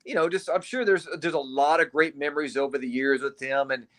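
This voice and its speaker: A man hosting an interview, asking halting questions and repeating words as he gets them out. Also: a little high, fairly bright tone. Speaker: host. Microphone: video call.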